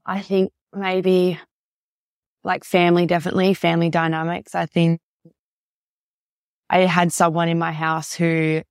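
A woman's voice: on the low side, level tone, unhurried, long pauses, smooth, dry recording, clean studio sound. A woman podcast host talking casually and openly, hesitant and searching for words with frequent "like".

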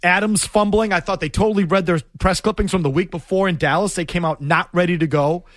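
A man's voice: high voice, fast, no echo. A man hosting a sports talk show, ranting in an emphatic, exasperated way. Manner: animated, emphatic, exasperated rants.

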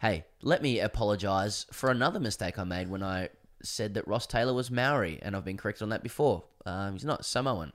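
Australian male podcast co-host, low-pitched, jokey and rambling, reads ads with mock grandeur. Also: lively intonation, a little fast, few pauses. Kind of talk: casual cricket chat with ad reads.

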